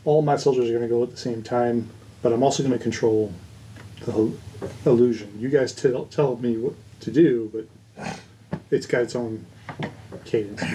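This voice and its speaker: A man running a tabletop game as game master, talking in an unhurried way with plenty of fillers. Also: mid-range voice, mellow, a little hiss or hum. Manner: unhurried, hesitant, with many fillers.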